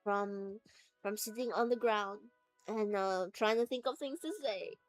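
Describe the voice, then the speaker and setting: A woman's voice: medium pitch, a little slow, faint music behind. A woman streamer chatting casually to her livestream viewers from home, rambling and playful as she drifts between topics. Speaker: VTuber streamer. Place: at home, sitting on the floor.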